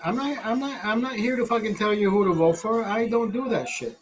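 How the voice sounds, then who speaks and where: Male streamer, high voice, swears constantly, rambling live rant over faint music. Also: fairly quick. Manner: profane, rambling, laughing asides. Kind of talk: livestream rant.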